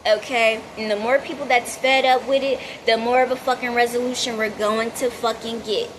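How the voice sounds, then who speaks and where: A woman vlogger rants to her viewers in a heated, profane monologue, driving her points home by saying them again and again. Her voice sits a little high for a woman. Steady background noise runs under the whole recording. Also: moderate pace. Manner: profane, emphatic, repetitive.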